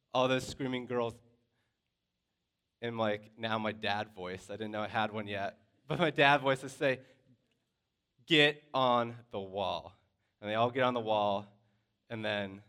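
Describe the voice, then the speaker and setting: Casual instructor, male, clear resonant voice, storytelling with lots of fillers. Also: on the low side. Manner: lively storyteller, loose and conversational with many fillers. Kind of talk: personal story told to a class.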